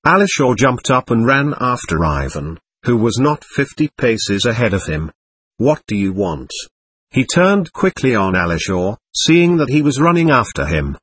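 Husky male audiobook narrator. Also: mid-range voice, sing-song, normal speed, hardly any pauses, a bit bright. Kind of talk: scripted narration.

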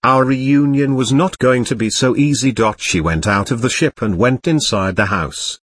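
Husky man reading a story aloud. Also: mid-range voice, normal speed, no room sound. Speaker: audiobook narrator. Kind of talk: scripted narration.

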